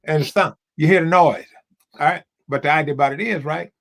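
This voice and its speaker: A man's voice: a little high, brisk, gravelly, a bit bright. A man talking casually over a video call, emphatic and repetitive, like a preacher. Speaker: guest. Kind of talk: casual chat.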